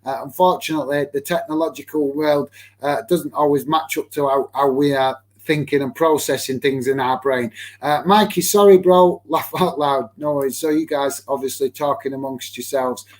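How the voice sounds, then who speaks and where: A man's voice: mid-range voice, normal speed. A young man from Lancashire with a Lancashire accent, hosting a football watch-along stream and chatting casually with viewers in the chat, full of fillers and restarts, calling everyone mate. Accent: Lancashire English. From Lancashire, England. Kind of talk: casual live-stream chat reading comments.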